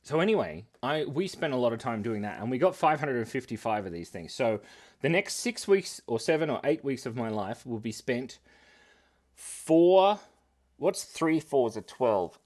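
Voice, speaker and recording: A man in his thirties, a cartoonist hosting a casual live stream, rambling and giggling as he reads the chat at his computer. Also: mid-range voice. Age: 30s. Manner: rambling, giggly and playful, often laughing.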